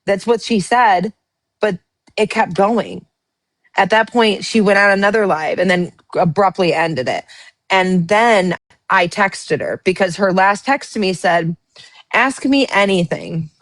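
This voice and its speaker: A woman's voice: medium pitch, measured pace, no room sound. A woman hosting a casual livestream, reading out text messages and telling her side of a dispute in a blunt, profane way. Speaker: livestream host.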